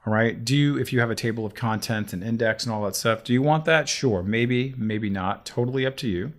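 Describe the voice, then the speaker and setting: A man teaching software in a chatty, animated way, talking himself through each step of a screen-recorded tutorial. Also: medium pitch, brisk.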